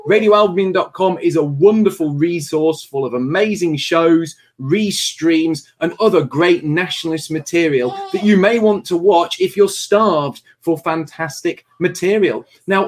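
A man's voice: a little high, measured pace, few pauses. A man hosting a livestream show, making earnest announcements and chuckling now and then.

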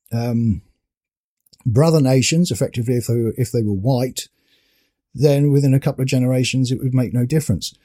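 Male commentator, dark mellow tone, measured explanatory delivery, talking through a speech. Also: medium pitch. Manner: measured, explanatory, pausing to think. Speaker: political commentator. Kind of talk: spoken commentary on a political speech.

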